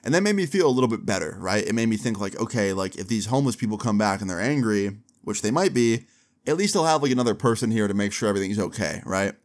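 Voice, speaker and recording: A young man telling a story to camera in a casual, animated way, with slang and swearing, acting out what other people said. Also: fairly low pitch, fast. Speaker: storyteller vlogger.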